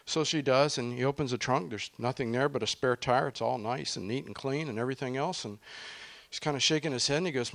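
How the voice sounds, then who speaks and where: A middle-aged man leading a congregation gathering, telling anecdotes casually with a halting, chuckling delivery and many fillers. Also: mid-range voice, a bit bright, no room sound.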